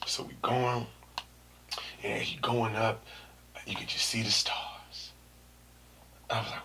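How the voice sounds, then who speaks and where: A man's voice: fairly low pitch, takes it slowly, vocal fry, pauses often, in a whisper. A man hosting his own podcast, telling a story in a casual, slangy way and acting out the quotes. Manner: animated, slangy, acts out quotes and screams. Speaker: podcast host.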